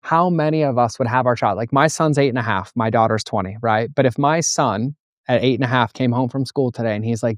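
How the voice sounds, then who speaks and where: A middle-aged man tells stories with energy and plays out the voices of people in them. His voice sits at an ordinary pitch and is recorded close and dry, with no room sound. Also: a little fast, no room sound. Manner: animated storyteller acting out dialogue. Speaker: guest, entrepreneur and coach. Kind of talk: conversational interview.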